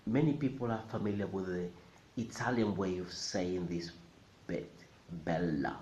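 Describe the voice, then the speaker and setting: Deep-voiced teacher, patient and repetitive, faint hiss behind. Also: male voice, darkish tone. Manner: careful, repeats words slowly for learners. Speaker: Spanish teacher. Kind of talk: pronunciation lesson. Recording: roomy, slightly dull recording with faint hiss.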